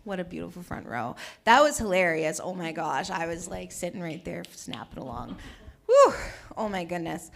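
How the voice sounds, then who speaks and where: A woman's voice: fairly low pitch, animated, moderate pace, gravelly. Bubbly woman chatting up a comedy crowd. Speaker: stand-up comic. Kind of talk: stand-up comedy set. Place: small comedy venue stage.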